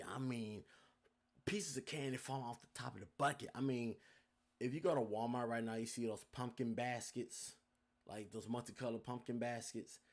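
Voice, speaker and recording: A young man hosting a podcast, telling a story casually with lots of swearing and talking straight to his listeners. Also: medium pitch. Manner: animated, profane, addresses listeners as y'all. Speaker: podcast host.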